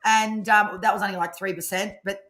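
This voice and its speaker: A woman, co-hosting a live tarot stream in rambling, animated casual chat. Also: medium pitch, fairly quick. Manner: chatty, rambling, animated storytelling. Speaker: tarot reader co-host.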